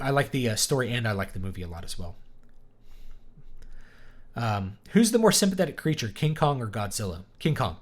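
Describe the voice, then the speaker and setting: A man from East Texas, an author hosting a casual livestream, chatting enthusiastically and answering viewer questions in loose rambling asides. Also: medium pitch. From East Texas, USA.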